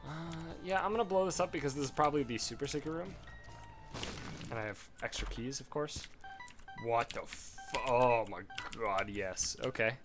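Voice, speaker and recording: A man's voice: medium pitch, moderate pace. Young guy rambling over a game, offhand, swears a bit, faint music under it. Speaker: gaming video host. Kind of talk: casual commentary over gameplay.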